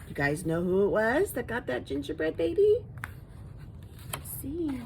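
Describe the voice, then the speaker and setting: A woman reads a children's picture book aloud with a lively, swooping pitch. She often stops to ask young listeners about the pictures. A faint rumble sits under the recording. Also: normal speed, rough recording. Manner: expressive, asks listeners questions about the pictures. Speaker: storyteller reading to children.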